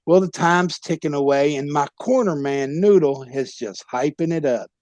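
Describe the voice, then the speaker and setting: A former pro wrestler telling a rowdy, profane story as a podcast guest. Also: male voice, on the high side, moderate pace, dry recording. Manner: profane, loud tall-tale telling. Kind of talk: animated comic storytelling.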